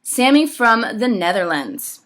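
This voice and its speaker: A woman's voice: fairly high pitch, very animated, measured pace, a bit bright. A woman singer answering fan questions in a casual chat, effusive and enthusiastic.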